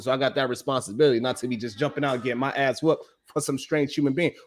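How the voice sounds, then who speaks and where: A man hosts a live stream, talking straight at his audience in a rough, profane, emphatic way. His voice sits a little high for a man. He keeps circling back with "you know what I'm saying" as he drives each point home. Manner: blunt, profane, emphatic street talk. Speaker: live-stream show host. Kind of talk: casual monologue to a live audience.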